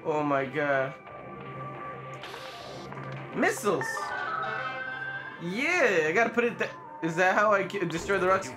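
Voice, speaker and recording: A gamer giving casual, excitable commentary while playing, joking around and swearing freely. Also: medium pitch, takes it slowly, long pauses. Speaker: let's play gamer. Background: game music.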